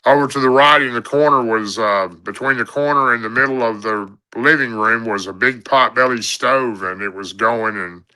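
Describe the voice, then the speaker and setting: Guy spinning a yarn on a radio show, really bright tone, plain talk. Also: mid-range voice, poor audio. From Tennessee. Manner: plain-spoken storyteller. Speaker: guest. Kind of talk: telling a story on a radio show.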